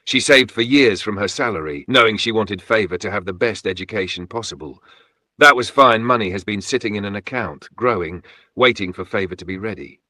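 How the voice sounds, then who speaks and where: A man's voice: fairly low pitch, brisk, sharp tone, no echo. A man voicing a stern older village chief who speaks firmly and formally. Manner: firm, commanding, accusing.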